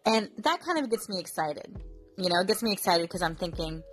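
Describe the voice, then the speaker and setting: A woman's voice: lowish voice, big pitch swings, brisk, faint music behind. A woman in her thirties hosting a casual devotional podcast, talking earnestly and chattily with many fillers. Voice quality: chatty, earnest, lots of fillers like um and you know. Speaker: podcast host.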